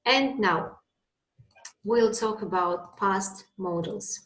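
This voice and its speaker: Slow-talking woman teaching English. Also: mid-range voice, fairly bright tone, echoey room, poor audio. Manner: patient, explains slowly with examples. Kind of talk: online English lesson.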